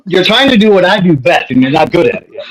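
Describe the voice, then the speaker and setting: A man's voice: sits high, very animated, fast, poor audio. A man co-hosting a casual live chat, teasing and joking with the others. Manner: teasing, joking, laughs often.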